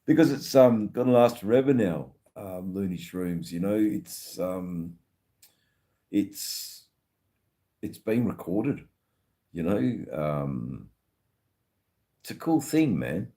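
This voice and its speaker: A man's voice: low voice, animated, takes it slowly, long pauses, mellow, breathy edge. A man in his fifties with an Australian accent, chatting casually on a live stream, reading out viewer comments with plenty of slang, swearing and ums. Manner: laid-back, swears freely, many ums, uses Aussie slang.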